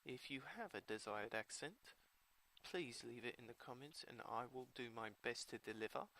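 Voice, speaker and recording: A man doing casual play-by-play commentary of his own card game, putting on a British accent and getting excited on big plays. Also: mid-range voice, normal speed. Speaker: gameplay video creator.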